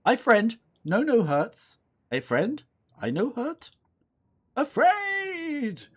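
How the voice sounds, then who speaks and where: A man's voice: huge pitch swings, drawn-out words, fairly bright tone, slightly rough, exaggerated voice. A man voicing a small, timid male possum that talks in broken, simple phrases. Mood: frightened. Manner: broken simple speech, high and nervous.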